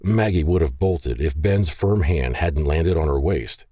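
A man's voice: a bass voice, lively intonation, a little slow, mellow, no room sound, clean studio sound. A man narrating an audiobook expressively, giving the characters their own voices.

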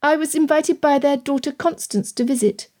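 A woman voicing a demure young lady of genteel manners in an audiobook, speaking softly and innocently. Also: high-pitched, moderate pace, voice pushed up, natural voice. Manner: soft, near-whispering, studiedly innocent.

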